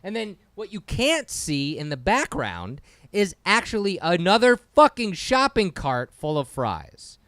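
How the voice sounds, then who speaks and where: Ranting man, resonant and very animated. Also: high voice, unhurried, dry recording, studio quality. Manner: exasperated, swearing, ranting. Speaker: podcast co-host. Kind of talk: casual comedic rant.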